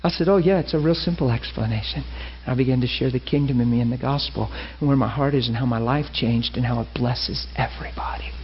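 A man preaching a sermon, telling a personal story and acting out the dialogue with lively feeling. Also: mid-range voice, fast. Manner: animated, acts out dialogue, laughs and cries while telling. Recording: muffled lo-fi recording with faint hiss.

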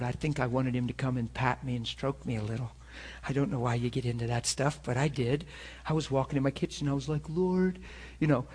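A pastor preaching a sermon and telling personal stories in an earnest way, sometimes dropping soft and sometimes rising loud. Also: male voice, mid-range voice, slightly rough. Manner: earnest storytelling, swings from soft confessional to loud emphatic.

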